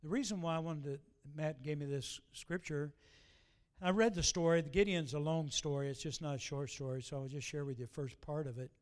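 Preacher guy, high voice, folksy and chatty, slows way down for the bible bits. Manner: folksy storytelling, slows to read scripture aloud. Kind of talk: sermon.

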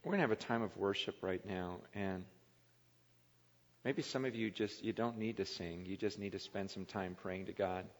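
A man preaching a sermon as a pastor, earnest and confessional, often dropping to a quiet, halting voice. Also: low voice. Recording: long hall reverb.

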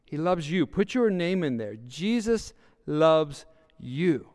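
A man's voice: fairly high pitch, very animated, slow, a little mellow. A male pastor preaching a sermon, repeating words for emphasis and reading scripture aloud.

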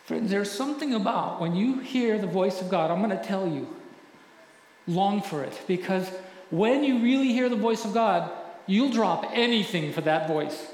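High-voiced preacher in an echoey hall. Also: male voice, expressive, normal speed, a little hiss or hum. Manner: earnest, drops to a hushed voice for stories. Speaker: pastor. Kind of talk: sermon. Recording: echoey hall with faint ambience.

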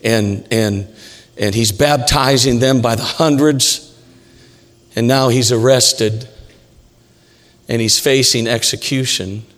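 Preaching slowly with many pauses, a male pastor speaks in a steady, medium-pitched, slightly bright voice. His sermon in the church sanctuary is emphatic and repetitive, with jokes along the way, and the recording echoes through the hall.

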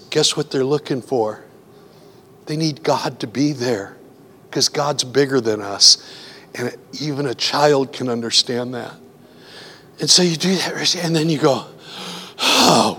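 A preacher gives a heartfelt, conversational sermon in a middle-pitched voice that sounds pushed and bright. He shares personal stories and acts out his own anxious inner voice as if quoting himself. A long hall reverb surrounds everything he says.

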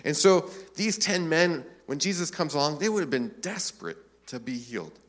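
A man preaching a sermon as a pastor, relaxed and conversational, with frequent filler phrases. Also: on the high side, normal speed.

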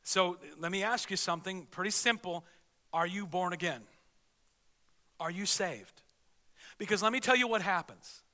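A man's voice: high voice, moderate pace, long pauses, pushed and bright, big-room sound. A man preaching a sermon as pastor, earnest and conversational, often restarting his sentences.

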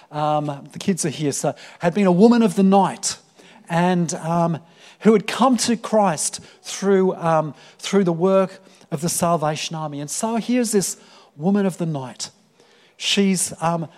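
A man preaching to his congregation in a high, bright-toned voice. He is earnest and storytelling, often pausing on "um" and restarting phrases before he lands his point. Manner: earnest, with many fillers and repeated words. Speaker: pastor. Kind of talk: sermon.

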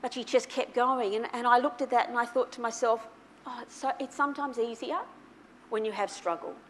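A woman preaches in a fairly high voice, moving from hushed, reflective moments to loud, excited bursts as she tells a personal story. Faint room noise sits under her voice. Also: fairly quick. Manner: animated storytelling, swings from soft to loud. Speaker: pastor. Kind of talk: sermon.

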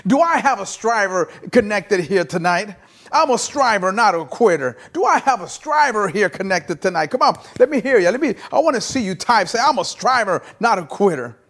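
A man with a high-pitched voice preaches to an online congregation. He drives his point home with repetition and call-and-response, urging listeners to say the lines back to him. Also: lively intonation, fairly quick, a bit bright. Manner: emphatic call-and-response preaching, repeating phrases. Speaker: guest pastor. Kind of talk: online sermon.

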